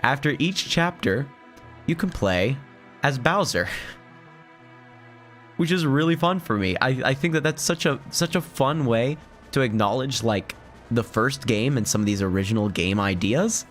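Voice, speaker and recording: A hoarse man from Finland giving chatty, rambling gameplay commentary and laughing often. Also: medium pitch, expressive, normal speed, a bit bright, soft background music. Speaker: let's play host.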